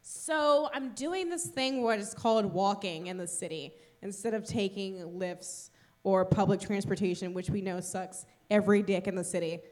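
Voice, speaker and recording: A woman's voice: mid-range voice, normal speed, darkish tone. A woman co-hosting a podcast, telling stories in blunt, profane, sassy casual chat. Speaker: podcast co-host. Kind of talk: casual comedic storytelling.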